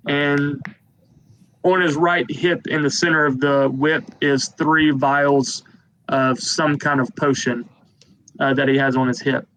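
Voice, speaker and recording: A man's voice: on the high side, a bit bright, poor audio. A man narrating a tabletop game as game master, describing the scene in a rambling way with many fillers.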